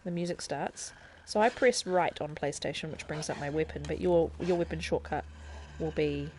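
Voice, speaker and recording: A woman's voice: sits low, normal speed, darkish tone, a little hiss or hum. A woman streaming a video game live, chattily explaining the controls and thinking aloud as she plays. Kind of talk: casual live-stream gameplay tutorial.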